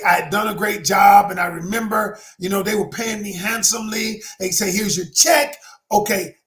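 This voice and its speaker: Guy coaching, big swoopy lively voice, dramatic storytelling, talks right at the crowd. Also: high-pitched. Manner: emphatic, dramatic storyteller who addresses the audience directly. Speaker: relationship coach. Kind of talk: motivational talk with personal story.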